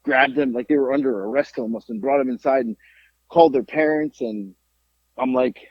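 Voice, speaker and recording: A middle-aged man telling a story in a casual podcast chat, animated and profane. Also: medium pitch, normal speed, no echo. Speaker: podcast co-host. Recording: dull lo-fi podcast audio.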